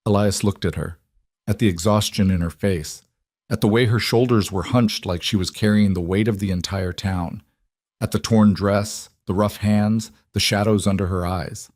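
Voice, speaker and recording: Low-voiced male story narrator. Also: fairly even intonation, normal speed, darkish tone, no echo, clean studio sound.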